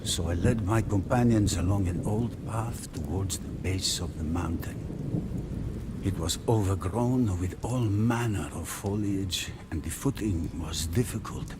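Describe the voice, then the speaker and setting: Slow, measured male game narrator. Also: deep voice, noisy background. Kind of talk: scripted story narration.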